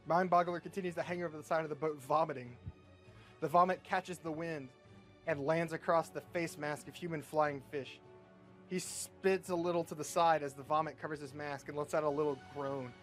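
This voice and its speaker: A man narrates his own comic script in a casual, offhand way, with the odd swear slipped in. His voice sits slightly high, and he reads the action lines at an easy pace. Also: fairly even intonation, normal speed, soft background music. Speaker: YouTube creator. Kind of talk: reading a self-written comic script aloud.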